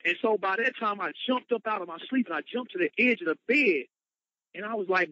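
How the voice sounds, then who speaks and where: A man's voice: sits high, a little fast, dry recording. A man, a motivational speaker, telling his personal story with emphatic, dramatic retelling. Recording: dull lo-fi, dry sound.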